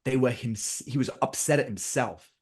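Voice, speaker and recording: A middle-aged man, a podcast guest, telling a story in a casual, animated way, often restarting and repeating words. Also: medium pitch, moderate pace, slightly rough.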